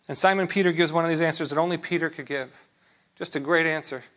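A man preaching a sermon in a relaxed, conversational way, with rhetorical questions and frequent restarts. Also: on the high side, fast talker. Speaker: pastor.

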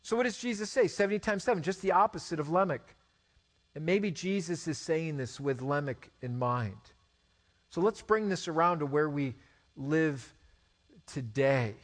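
A man in his forties preaching a sermon, animated, with rhetorical questions and stammered restarts. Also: fairly high pitch, moderate pace. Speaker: pastor.

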